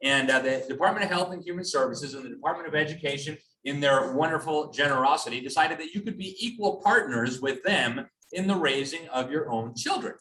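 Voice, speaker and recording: A man's voice: a little high, fairly quick, hardly any pauses, sharp tone. A man lectures a gathered audience in a large room that rings with echo. He is caught from some way off the mic, over faint background noise, and he talks emphatically with a sarcastic edge. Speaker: speaker at a public talk. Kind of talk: public lecture with slides. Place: hall with an audience. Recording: echoey hall, from a distance.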